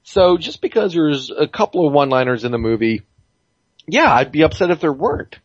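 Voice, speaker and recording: A man's voice: fairly high pitch, big pitch swings, brisk, slightly rough, no room sound. Rambling, cursing man on a dull, dry mic. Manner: rambling, profane, full of fillers and restarts. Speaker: podcast co-host. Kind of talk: casual gaming podcast chat.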